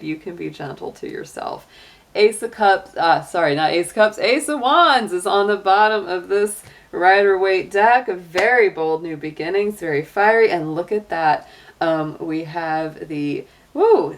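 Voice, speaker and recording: Low-voiced, gravelly woman tarot reader. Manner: chatty and encouraging, many fillers. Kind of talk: casual tarot reading to camera.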